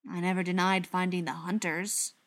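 A woman's voice: lowish voice, little pitch movement, moderate pace, a bit bright. A woman reading an audiobook, voicing a cool, haughty male vampire who speaks in clipped, sarcastic lines. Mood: cold.

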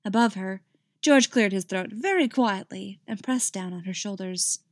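A woman's voice: medium pitch, moderate pace, no room sound, studio quality. A woman reading a story aloud, then chatting with many fillers about it. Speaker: story reader.

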